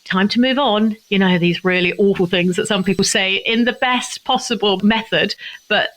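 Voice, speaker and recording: A woman's voice: mid-range voice, fairly even intonation, moderate pace, fairly bright tone, poor audio. An older woman from England talks about her charity in an interview. Her voice sits in a middle register, and she speaks earnestly and from the heart, with emotion close to the surface. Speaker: charity founder. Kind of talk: interview answers.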